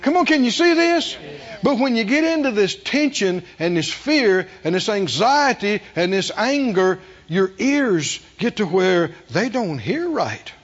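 High-voiced folksy preacher. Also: male voice, measured pace, few pauses, highs cut off. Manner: animated, folksy storytelling with rhetorical questions to the congregation. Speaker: pastor. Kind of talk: sermon.

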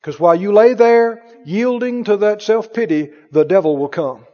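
A man's voice: moderate pace, mellow, long reverb tail, lo-fi sound, faint music behind. A man preaching a sermon with an emphatic, repetitive delivery, firing rhetorical questions at his congregation. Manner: mimics others in a higher voice.

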